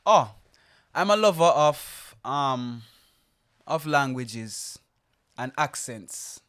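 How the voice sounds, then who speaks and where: A young Jamaican man co-hosting a casual podcast chat, easygoing and quick to laugh. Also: mid-range voice, animated, a bit bright. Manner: easygoing, laughs often, thoughtful. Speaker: podcast co-host.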